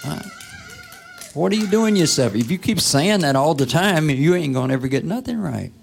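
A man's voice: fairly high pitch, big pitch swings, moderate pace, creaky, slight background noise. A man preaching a sermon in a church, talking to the congregation in a conversational way, asking rhetorical questions and sometimes dropping to a whisper.

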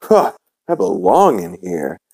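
A man's voice: sits low, huge pitch swings, takes it slowly, darkish tone, slightly rough, full character voice. A man voicing a dim-witted male killer who yelps in a sharply raised voice. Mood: pained.

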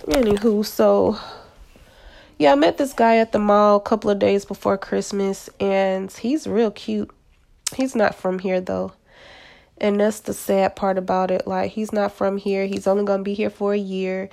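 A woman's voice: medium pitch, fairly even intonation, unhurried, vocal fry, a little mellow. A middle-aged woman hosting her own podcast from home, telling stories in a blunt, profane, slang-heavy casual rant. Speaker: podcast host. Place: at home, kids in hallway.

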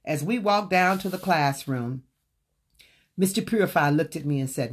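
A woman's voice: deep voice, expressive, moderate pace, slightly rough. A woman earnestly telling a personal story from her own book, speaking straight to her listeners. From Southern United States.

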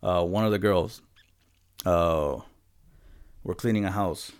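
Deep-voiced man telling stories casually. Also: slow, smooth, dry recording, studio quality. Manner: profane, loose, laid-back storytelling. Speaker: podcast co-host. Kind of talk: casual storytelling.

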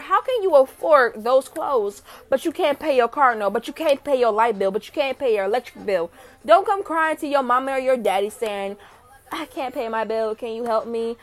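Animated young woman ranting to camera. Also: sits high. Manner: animated, rising to near shouting when heated. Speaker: vlogger. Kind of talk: casual rant to camera.

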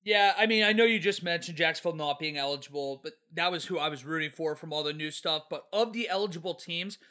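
Bright high-voiced male podcast co-host. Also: fast talker. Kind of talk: casual sports podcast chat.

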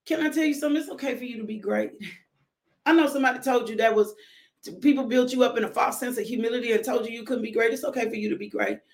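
A woman's voice: fairly high pitch, quick pace. A woman minister giving a devotional sermon, emphatic and repeating her phrases in casual speech.

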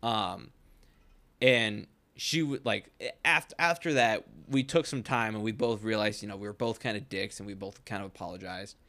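A man's voice: fairly low pitch, normal speed, sharp tone. A young man co-hosting a podcast, telling a long, rambling story in casual chat, filled with "like" and frequent swearing. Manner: rambling anecdote, heavy use of "like", frequent swearing. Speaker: podcast co-host.

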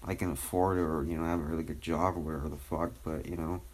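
Young man, very low voice, casual podcast rant, rambling, profane, lots of fillers, recorded at home. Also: flat delivery, fast talker, a little mellow. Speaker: podcast host.

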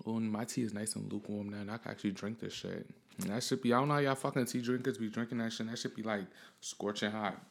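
A man's voice: fairly low pitch, fast, vocal fry, slight background noise. Young male podcast host, casual solo storyteller, profane and meandering. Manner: profane, rambling, animated.

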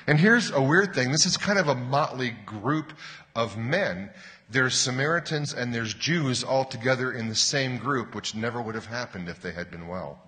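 A man preaching a sermon as pastor, earnest and explanatory, pressing hard on key words and slowing down to stress a point. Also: mid-range voice, expressive, bright, forceful tone. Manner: earnest, explanatory, with emphatic rises and slowed stresses. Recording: long hall reverb.

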